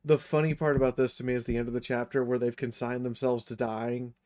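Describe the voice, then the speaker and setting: A man's voice: medium pitch, little pitch movement, quick pace, a little mellow. A man on a casual podcast, talking enthusiastically about a book and swearing casually.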